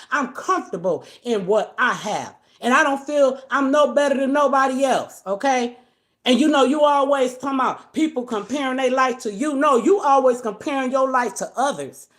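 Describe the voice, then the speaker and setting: A woman with a high-pitched voice rants on her own live stream, blunt and confrontational as she scolds someone. She talks straight into her camera in a loose, unscripted way. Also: a bit bright. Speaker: livestream host. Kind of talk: livestream rant. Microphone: phone or webcam on a live stream.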